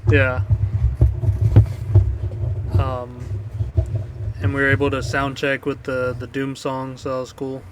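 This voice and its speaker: A man co-hosting a casual podcast, recapping a gig in a relaxed, rambling way with easy laughs. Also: mid-range voice, takes it slowly, long pauses, heavy background noise. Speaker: podcast co-host and band member. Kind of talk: casual chat.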